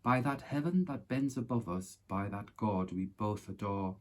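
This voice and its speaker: Husky low-voiced man reciting poetry. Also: unhurried, darkish tone. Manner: dramatic, declamatory reciting. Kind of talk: poem recited from memory.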